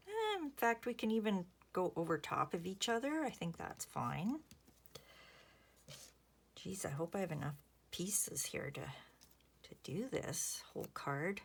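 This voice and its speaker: A woman's voice: mid-range voice, very animated, takes it slowly, gravelly, pauses often, breathy edge. A woman hosting a craft video, chatting in a rambling way and thinking aloud as she works. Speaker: craft channel host. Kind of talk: casual chat while crafting.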